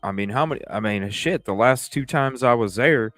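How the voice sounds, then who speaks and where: A man hosting a livestream, telling stories in a rambling, profane, animated way. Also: medium pitch, normal speed, no echo, soft background music. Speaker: livestream host. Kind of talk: casual livestream talk.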